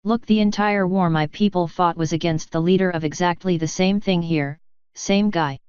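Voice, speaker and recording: A blunt, growling war veteran, voiced by a woman reader, talks in gruff, clipped lines. The voice is smooth and dry, and the recording sounds dull and lo-fi. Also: lowish voice, normal speed, a little mellow, no room sound, natural voice.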